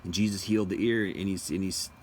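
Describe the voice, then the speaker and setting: A man's voice: low-pitched, fairly even intonation, quick pace, a little hiss or hum. A young man giving a casual, opinionated monologue as a commentator. He rambles, restarts often and repeats phrases for emphasis.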